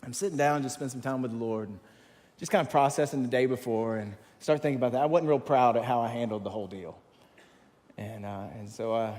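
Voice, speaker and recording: A man preaching as a campus pastor, telling a story in an animated, self-mocking way. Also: mid-range voice, brisk, a little hiss or hum. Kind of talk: sermon storytelling. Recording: long hall reverb.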